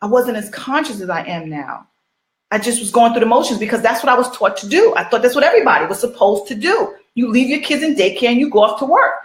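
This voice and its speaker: A middle-aged woman gives a casual motivational talk as an online business coach, circling back with rhetorical questions and repeating herself. Her voice sits slightly high, and the room around her has a noticeable echo. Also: expressive, moderate pace. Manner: repetitive, rhetorical questions, chatty.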